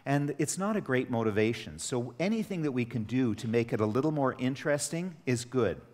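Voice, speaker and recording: A middle-aged man giving a workshop to teachers, telling stories with lively acted dialogue. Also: medium pitch, brisk. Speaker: teacher trainer. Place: training hall. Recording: echoey hall with long reverb.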